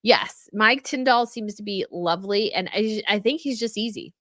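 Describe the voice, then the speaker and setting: A woman's voice: mid-range voice, normal speed, fairly bright tone, no room sound, clean studio sound. An American woman hosting a casual live stream, reading viewer comments aloud and chatting about them. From United States. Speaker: royal news channel host reading live chat.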